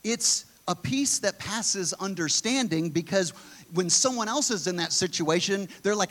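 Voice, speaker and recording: An earnest male preacher gives a conversational sermon in a somewhat high voice. He thinks aloud, doubling back and restarting his sentences before pressing on. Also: expressive, unhurried, a bit bright.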